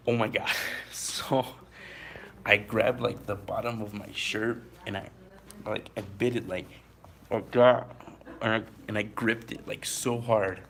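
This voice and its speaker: A man's voice: lowish voice, steady tone, slow, vocal fry, fairly bright tone, a little hiss or hum. A man telling a story to his viewers in a casual, rambling way, full of fillers and a little out of breath. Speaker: vlogger.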